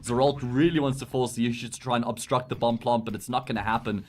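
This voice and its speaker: South African esports commentator, analytical. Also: male voice, mid-range voice, steady tone, a little mellow, a little hiss or hum. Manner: analytical, measured breakdowns of plays.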